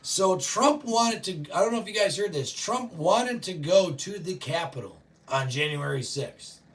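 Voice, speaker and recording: A man hosting a show, ranting profanely and yelling often, reacting to live chat. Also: high-pitched, animated, unhurried, far from the mic. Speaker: show host. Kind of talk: political rant to live chat.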